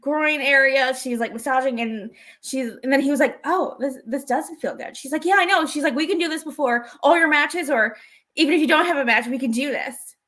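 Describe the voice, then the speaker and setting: Chatty woman with a high voice, recapping wrestling on a podcast, quick little quotes. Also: a bit bright. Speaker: podcast co-host. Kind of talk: casual wrestling recap chat.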